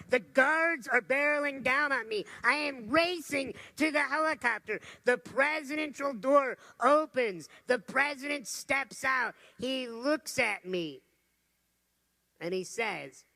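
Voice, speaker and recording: Brief: male motivational speaker on stage, lively storyteller, gravelly bright voice. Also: very high voice, takes it slowly. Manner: energetic, humorous storytelling. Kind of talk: motivational talk to a live audience. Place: stage before an audience.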